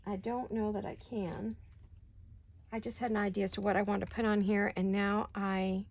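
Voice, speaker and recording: A woman hosting a casual craft-along, thinking aloud as she works at her desk and often dropping into soft, muttered asides. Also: medium pitch, flat delivery, moderate pace, dry recording. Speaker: crafting channel host.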